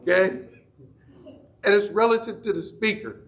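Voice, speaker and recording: Middle-aged male Bible teacher with a somewhat high voice, chatty, quizzes his class. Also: normal speed. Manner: conversational, folksy, asks the class questions. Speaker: Sunday school teacher. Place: church classroom.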